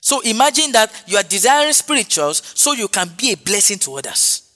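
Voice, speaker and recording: A man's voice: sits high, very animated, fairly quick, bright, forceful tone. A man preaching a sermon, emphatic and repetitive, punctuated with hallelujahs. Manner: emphatic, repeats phrases, frequent hallelujahs. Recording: long hall reverb with faint music.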